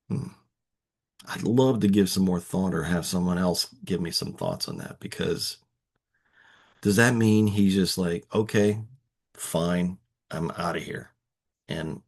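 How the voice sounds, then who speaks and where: A man's voice: sits low, darkish tone. A man with a Texan accent hosting a casual Bible study, reading verses and musing on them in a conversational way. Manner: musing, conversational, many fillers and restarts.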